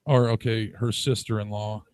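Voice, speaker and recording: A man's voice: on the low side, level tone, moderate pace, a little mellow, clear, resonant tone, no echo. Rambling crude guy chatting on a podcast, laughs a bunch, dry close sound. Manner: rambling, crude, laughs a lot, acts out quotes. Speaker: podcast co-host. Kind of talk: casual chat.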